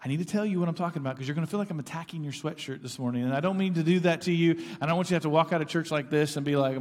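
A middle-aged man preaching a sermon as pastor, earnest and conversational, with asides to the congregation. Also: fairly high pitch. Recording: church sanctuary with long reverb.

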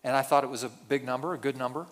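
A man's voice: mid-range voice, fairly even intonation, racing. A male pastor giving a sermon in a conversational way, with self-deprecating asides.

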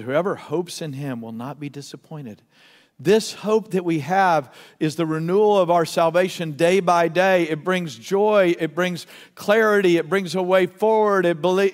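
A male pastor delivers a fervent sermon in a church sanctuary, his voice sitting high for a man. He stacks emphatic repeated phrases and then eases down into soft, slow readings. The sound rings with the long reverb of a large hall.

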